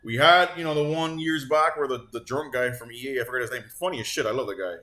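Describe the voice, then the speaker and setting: A man's voice: medium pitch, quick pace. A man hosting a gaming channel, ranting casually and sarcastically with lots of swearing, a bit stuffed up. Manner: profane, animated, sarcastic. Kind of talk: casual on-camera rant.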